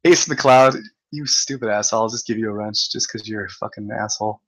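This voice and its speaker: A man's voice: lowish voice, fast talker, fairly bright tone, low-quality recording. A man hosting a casual livestream, rambling and joking, swearing often and laughing as he reads out chat comments.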